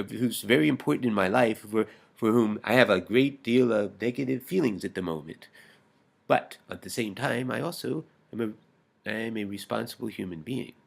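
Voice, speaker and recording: A man speaks in a deeply gravelly, husky voice with plenty of vocal fry. He rambles intensely through a personal video message, full of halting restarts and swearing, and often sinks to a whisper.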